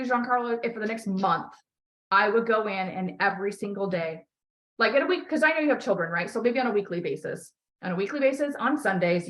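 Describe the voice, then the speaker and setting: A woman's voice: medium pitch, a bit bright, low-quality recording. Emphatic swearing woman coach. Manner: emphatic, swears often, emotional. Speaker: coach and podcast host. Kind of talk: candid coaching conversation.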